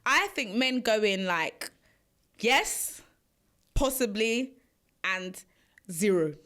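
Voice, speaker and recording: A young woman co-hosting a chat podcast, jumping in with quick agreement and frank advice. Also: medium pitch. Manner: expressive, quick agreeing interjections, laughs often. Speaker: podcast co-host. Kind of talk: casual chat.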